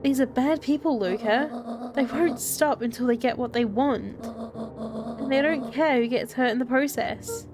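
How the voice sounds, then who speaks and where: A woman's voice: high-pitched, measured pace. A woman reading the lines of an earnest, protective mother from a game, with game music behind. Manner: reading game dialogue aloud.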